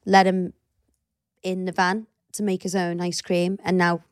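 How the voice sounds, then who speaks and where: A woman's voice: measured pace, no room sound, clean studio sound. A woman, co-hosting a casual podcast chat and acting out family stories. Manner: animated storyteller, acts out high squealing quotes. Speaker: podcast co-host.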